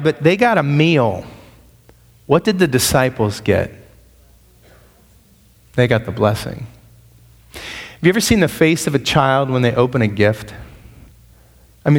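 A man's voice: fairly high pitch, very animated, a little slow, long pauses. A man preaching a sermon, walking through verses in a conversational way with joking asides. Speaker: pastor. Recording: long reverb of a large hall.

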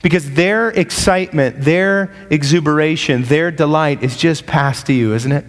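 A man's voice: a little high, moderate pace. A man preaching a sermon, walking through verses in a conversational way with joking asides. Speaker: pastor. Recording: long reverb of a large hall.

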